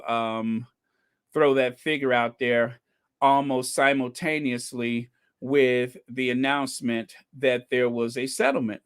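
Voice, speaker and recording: A man's voice: medium pitch, fairly bright tone, smooth. A man hosting a casual live podcast, chatting with viewers, thanking them by name and dropping wry, laughing asides. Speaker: podcast host. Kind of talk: casual commentary on live stream.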